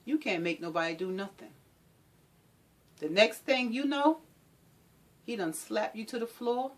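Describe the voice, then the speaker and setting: A woman's voice: mid-range voice, animated, a little slow, pauses often, a bit bright. A woman speaking as a domestic violence advocate, giving an impassioned talk with an emphatic, repetitive, preaching rhythm.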